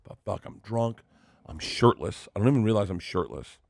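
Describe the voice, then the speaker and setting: A man hosting a podcast, telling a comic story in a rambling, animated way and swearing freely. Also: lowish voice, moderate pace, gravelly, dry recording, clean studio sound. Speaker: podcast host. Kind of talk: casual comedic storytelling.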